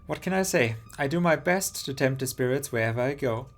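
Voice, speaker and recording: A man's voice: mid-range voice, animated, brisk, soft background music, natural voice. A man reading a teasing young woman ghost hunter.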